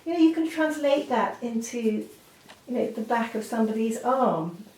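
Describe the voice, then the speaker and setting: During a drawing lesson, a woman with a rather high, slightly mellow voice talks at a moderate pace with lively intonation. She's chatty, leans on fillers, and often breaks off to apologize. The recording sounds roomy and distant, with faint noise.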